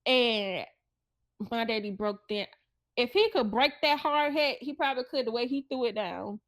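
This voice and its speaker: A woman's voice: a little high, moderate pace, no echo. A woman who co-hosts a podcast, telling an emotional personal story and acting out the voices of her relatives. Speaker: podcast co-host.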